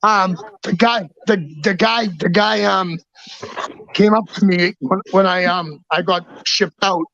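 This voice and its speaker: A man telling rough personal stories in a loud, profane, emphatic way, often restarting his sentences. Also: sits high, fairly even intonation, a little slow, dry recording. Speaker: guest. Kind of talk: casual storytelling. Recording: dull, dry lo-fi sound.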